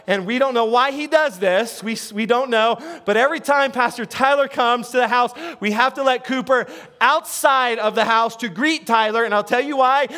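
High-voiced, chatty male pastor. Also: bright, forceful tone. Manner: playful, chatty, keeps checking in with the audience; repeats words and restarts often. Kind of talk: sermon.

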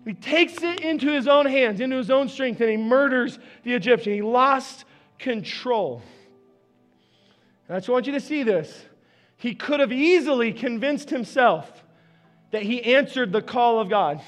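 A man's voice: extremely high pitch, normal speed, faint music behind. A man preaching a sermon as pastor, talking conversationally and addressing the congregation directly.

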